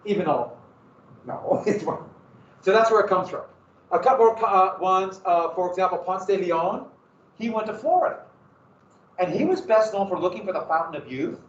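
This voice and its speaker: A man in his fifties teaching a history class in a conversational way, pointing things out on a map and pausing on fillers. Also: high-pitched, animated. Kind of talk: classroom lecture. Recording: roomy, distant, dull mic.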